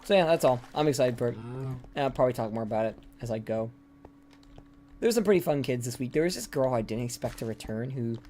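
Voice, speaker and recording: A man's voice: medium pitch, a little mellow, a little hiss or hum. Rambling young man streaming a game. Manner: rambling, swears casually, drifts into whispering. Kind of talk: casual gameplay chat. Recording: clear background typing and clicks.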